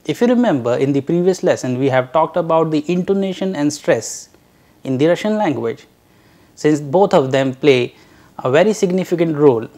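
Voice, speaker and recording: Here a language teacher draws out every letter sound slowly and with care, for learners to repeat during a recorded lecture. Warm in tone, the medium-pitched voice is animated.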